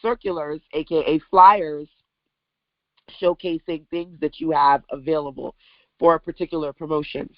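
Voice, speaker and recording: A woman from Brooklyn hosting an online business workshop, coaching with animated, emphatic rhetorical questions over a video call mic. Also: low voice, moderate pace, no room sound, highs cut off. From Brooklyn, New York.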